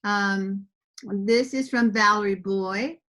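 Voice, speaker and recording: A woman's voice: medium pitch, takes it slowly, sharp tone, slight background noise. A woman moderating a virtual book launch, reading audience questions aloud to the poet. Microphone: computer mic on a video call.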